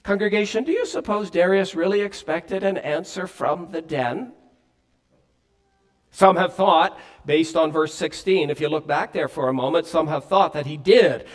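Male pastor preaching, pretty high voice, earnest, rises and drops for emphasis. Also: moderate pace. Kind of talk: sermon.

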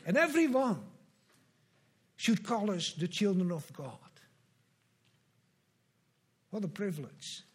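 A pastor preaching a sermon, earnest and measured, with slow emphatic repetitions. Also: male voice, sits high, big pitch swings, slightly rough.

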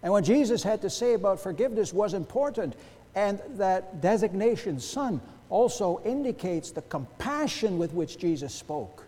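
A man preaching a sermon to his congregation, emphatic, with rhetorical questions and big swings between soft and loud. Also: sits high, expressive, moderate pace. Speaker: pastor. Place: church sanctuary. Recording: long church reverb.

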